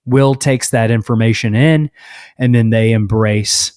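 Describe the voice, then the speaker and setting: A man co-hosting a podcast, recapping a show's plot in a steady, casual way with fillers. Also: medium pitch, unhurried, no echo, studio quality. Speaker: podcast co-host.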